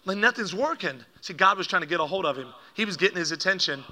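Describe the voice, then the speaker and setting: Bright high-voiced preacher telling stories. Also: male voice, racing. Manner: animated storyteller who acts out quotes, laughs at his own jokes. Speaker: pastor.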